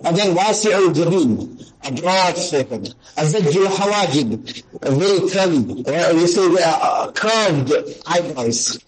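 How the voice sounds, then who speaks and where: A man giving a sermon, reciting Arabic quickly and then explaining it in English in an earnest storytelling way. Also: a little high, expressive, a crowd in the background, poor audio. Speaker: Islamic teacher. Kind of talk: sermon on the Prophet's qualities.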